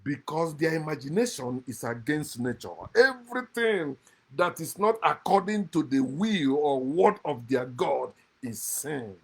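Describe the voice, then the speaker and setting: A man giving a passionate, mocking monologue on scripture, swinging from loud outbursts to low muttered asides. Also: lively intonation, a little slow, breathy edge. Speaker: online speaker critiquing scripture.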